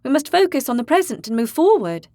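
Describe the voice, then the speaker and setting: A woman's voice: high voice, very animated, fast talker, mellow, dry recording, studio quality, voice pushed up. A woman narrator voicing a spirited, cheerful young woman fighter in an audiobook, eager and emphatic. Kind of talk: audiobook character voice.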